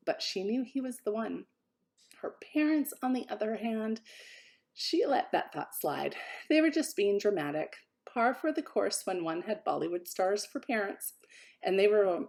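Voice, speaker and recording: A woman author reading an excerpt from her own novella with a lively, expressive delivery. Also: medium pitch, vocal fry.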